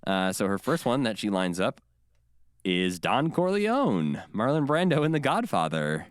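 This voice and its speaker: Guy cohosting a podcast, lowish smooth voice, bouncy delivery, dry mic. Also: a little slow, no echo. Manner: animated, quotes others in bursts. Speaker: podcast co-host. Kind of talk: casual chat.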